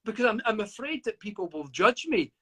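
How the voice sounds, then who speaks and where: A middle-aged British man, a guest author on a live video call interview, reflects at length, often stammering and restarting. His voice is high-pitched and sing-song with a brisk pace, a fairly bright tone and a breathy edge.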